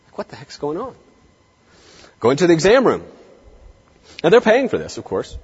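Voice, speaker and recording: Middle-aged guy lecturing vet students, voice swoops all over, kinda husky, big echoey hall. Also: on the high side, normal speed, dull audio. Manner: animated, dramatic swings in tone and pace. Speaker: veterinary lecturer. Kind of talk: lively live lecture to students.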